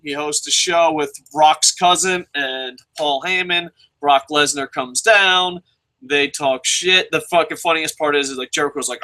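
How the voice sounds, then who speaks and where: A young man hosting a show, talking in a casual, sarcastic and excitable way with lots of swearing. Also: fairly high pitch, unhurried, rough recording. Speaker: show host reviewing. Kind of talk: casual profane commentary.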